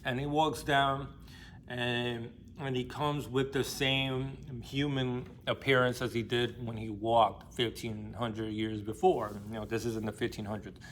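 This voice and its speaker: A man retells a classic novel in loose, rambling, casual talk full of fillers and slang. His voice sits at a middle pitch, with a faint hiss of background noise behind it. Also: level tone, measured pace. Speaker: book discussion host.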